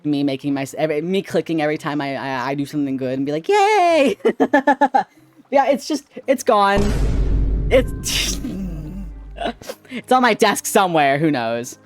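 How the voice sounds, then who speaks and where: A man chatting casually on a live stream, his voice bouncing up and down in pitch. He swears freely and shifts from loud to quiet as he talks. Faint music plays underneath. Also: a little fast. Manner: animated, swings between loud and quiet.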